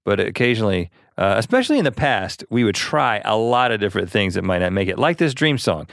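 A man co-hosting a podcast, relaxed and easygoing as he answers listener questions. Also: on the low side, quick pace, vocal fry, dry recording, clean studio sound. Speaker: podcast co-host. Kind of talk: casual chat.

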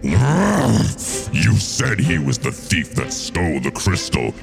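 A monstrous bone dragon, very deep and gravelly. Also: male voice, huge pitch swings, slow pace, music in the background, full character voice. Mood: menacing. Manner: threatening, grand villain speech. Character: huge menacing dragon of burning bones. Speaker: game master voicing a villain.

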